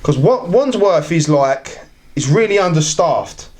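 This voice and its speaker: A man chats loosely on a podcast, his voice sitting a little higher than most men's. He rambles through stories with many restarts and acts out the lines of the people in them. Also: expressive, unhurried. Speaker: podcast guest. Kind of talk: casual chat.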